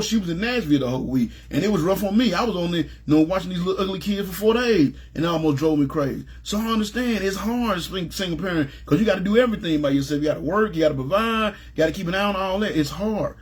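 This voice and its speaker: A middle-aged man preaching in a casual, emphatic way, his voice sitting high for a man and carrying a husky edge. He talks in plain everyday words and keeps checking that his listeners follow him as he presses each point. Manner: emphatic, plain-spoken, repeats "you know what I'm saying". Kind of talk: informal Bible teaching.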